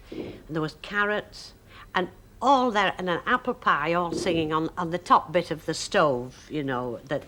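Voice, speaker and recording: Lively older woman telling a story. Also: fairly low pitch. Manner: lively, acts out voices, laughs while telling. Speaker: guest storyteller. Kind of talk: anecdote telling on a chat show.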